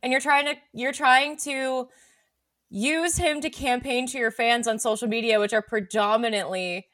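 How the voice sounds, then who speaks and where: A woman's voice: a little high, steady tone, moderate pace, fairly bright tone, no room sound, studio quality. A woman co-hosting a podcast, rambling and full of "like" as she trails off mid-thought. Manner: rambling, heavy use of "like", trails off. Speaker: podcast co-host. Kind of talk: casual chat.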